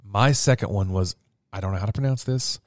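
A man's voice: fairly low pitch, fairly quick, no room sound, clean studio sound. A man co-hosting a podcast, easygoing and agreeable, joking and restarting his sentences in casual chat. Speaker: podcast co-host. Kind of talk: casual chat reviewing coffees.

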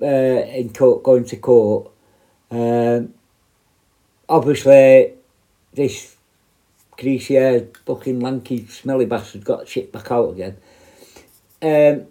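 Blunt British man, ex-prison officer, foul-mouthed storyteller with a dark, mellow tone and mid-range pitch. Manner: blunt, heavily profane, rambling with restarts. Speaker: former prison officer telling stories. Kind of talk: casual anecdote.

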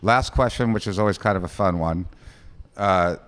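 A male interviewer who asks questions in a measured, dry way. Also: low voice, fairly bright tone, big-room sound.

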